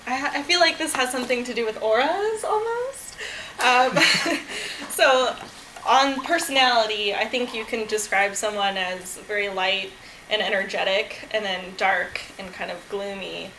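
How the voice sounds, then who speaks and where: A woman's voice: fairly high pitch, measured pace, sharp tone, a little hiss or hum, rough recording. A woman answering a question at a club meeting in a casual, giggly way, full of "um" and "like". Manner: giggly, casual, filler-heavy. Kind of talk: impromptu speech.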